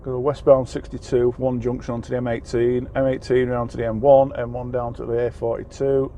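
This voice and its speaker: Rambling English truck driver, mellow voice. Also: male voice, mid-range voice, flat delivery, brisk, a little hiss or hum. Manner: rambling, self-deprecating, many fillers and restarts. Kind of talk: casual vlog chat. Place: truck cab, on the road.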